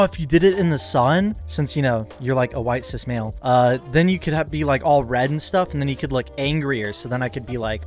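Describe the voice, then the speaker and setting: A man giving mocking, laid-back reaction commentary from home into a computer microphone. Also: medium pitch.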